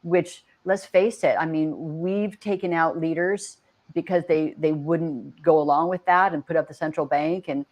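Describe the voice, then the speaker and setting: Woman co-host with a lowish voice, earnest casual talk. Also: steady tone, measured pace, a little mellow. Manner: earnest, lists facts, trails off and restarts. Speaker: podcast co-host. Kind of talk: casual chat.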